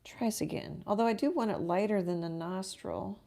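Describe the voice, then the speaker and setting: Painting on a relaxed livestream from her studio, a woman who teaches art talks herself through the work, often trailing off. She speaks a little fast at medium pitch, her tone warm with some vocal fry.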